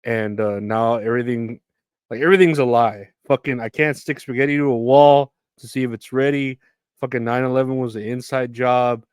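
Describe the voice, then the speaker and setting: A man's voice: mid-range voice, fairly even intonation, normal speed, a little mellow, clean tone, no room sound. A man hosting his own podcast, rambling alone in a profane, meandering, self-deprecating way. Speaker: podcast host. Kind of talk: rambling solo podcast monologue.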